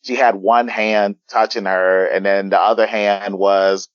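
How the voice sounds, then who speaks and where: A man guesting on a podcast, recapping a comic chapter in a halting, casual way with lots of fillers and restarts. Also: lowish voice, flat delivery, no room sound. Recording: dull lo-fi sound, dry.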